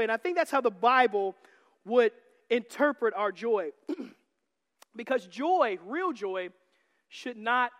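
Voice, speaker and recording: A man preaching a sermon as pastor, joking and teasing the congregation, then building to shouted emphasis. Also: extremely high pitch, big-room sound. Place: church sanctuary.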